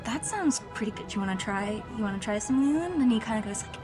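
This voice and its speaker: A woman's voice: a little high, animated, quick pace, few pauses. A woman game master describes the market scene in loose, chatty narration full of fillers. Faint background music plays under her voice. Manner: chatty, many fillers and restarts.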